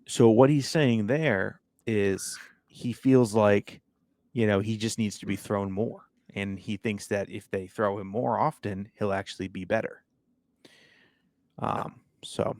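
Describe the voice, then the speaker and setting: A man's voice: lowish voice, fairly even intonation, takes it slowly, darkish tone, no echo, studio quality. A man co-hosting a sports podcast, talking in a laid-back, wry way and reading quotes aloud. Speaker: podcast co-host. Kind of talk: casual sports chat.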